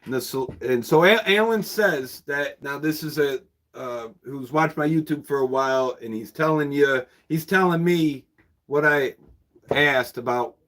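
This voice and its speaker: A man's voice: fairly high pitch, unhurried, a bit bright. Easygoing rambling bookshop owner, a man. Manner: rambling, easygoing, chuckles often. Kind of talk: casual livestream chat with viewers.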